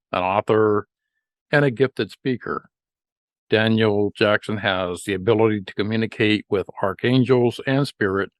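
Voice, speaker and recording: A man hosting a podcast interview, hoarse and losing his voice, talking in a halting way and repeating words. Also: fairly low pitch, dry recording, studio quality. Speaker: podcast host.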